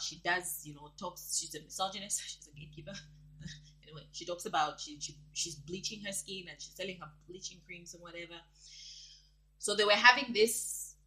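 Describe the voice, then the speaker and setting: A young woman from Zambia, talking through online gossip in an animated, dramatic way and laughing often. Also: on the low side, low-quality recording. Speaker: vlogger. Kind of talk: casual gossip commentary.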